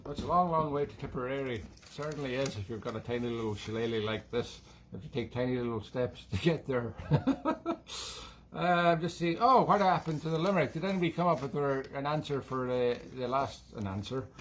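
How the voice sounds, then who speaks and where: Man playing a cheeky male leprechaun, put-on Irish brogue, rambling corny jokester, middle pitch, faint background noise. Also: fairly quick, natural voice. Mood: playful. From Scotland. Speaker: musician and show host. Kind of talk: casual comic chat between tunes.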